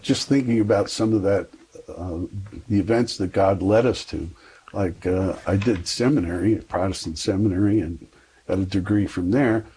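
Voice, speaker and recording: Husky low-voiced man telling a story. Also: normal speed, mellow, rough recording. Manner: rambling, self-deprecating, frequent fillers. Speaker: guest. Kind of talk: conversational storytelling interview.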